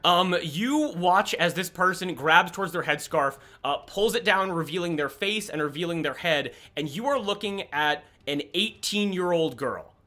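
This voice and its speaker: A man narrating as game master of a tabletop game, rambling and animated. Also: high-pitched, normal speed, hardly any pauses.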